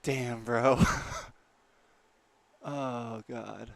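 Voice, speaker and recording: A man's voice: mid-range voice, fairly even intonation, drawn-out words, creaky. A young man livestreaming, chatting casually with his viewers and laughing often. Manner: laughs often, talks straight to chat. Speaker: livestreamer and esports caster.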